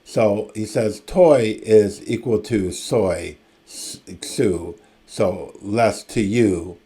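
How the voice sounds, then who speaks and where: A man lecturing on ancient Greek grammar, reading verse aloud in a measured way and explaining it with casual asides. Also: on the low side, dark tone. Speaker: classics lecturer.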